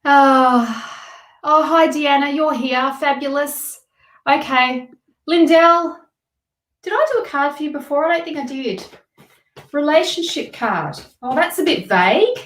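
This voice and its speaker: A woman's voice: fairly high pitch, reverberant. A woman doing live tarot readings, chatting with viewers and giving emphatic advice. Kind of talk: casual live-stream reading.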